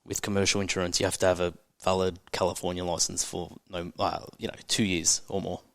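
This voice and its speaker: A fairly low-voiced Australian man in his thirties talks candidly as a podcast guest. He is blunt and emotional and swears freely. His voice sits close and dry on the mic, with no room sound. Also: level tone, brisk, no echo. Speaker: entrepreneur guest.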